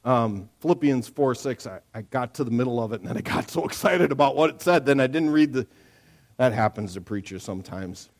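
A man preaching a sermon, joking with the congregation and breaking into sudden loud outbursts. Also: medium pitch, animated, a little fast. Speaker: pastor. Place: church.

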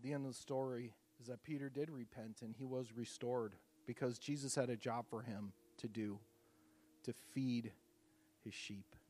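A man preaching a communion sermon, telling the story casually with fillers, rising to loud emphatic peaks and dropping to hushed softness. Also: mid-range voice, steady tone, normal speed. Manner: casual, repeats words and uses fillers. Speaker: pastor leading communion.

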